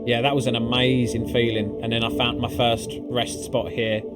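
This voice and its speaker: A man's voice: mid-range voice, normal speed. A man recapping a video game climb in casual commentary, swearing often and full of fillers. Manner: excitable and profane, swearing freely with lots of fillers. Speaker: gaming video creator. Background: background music.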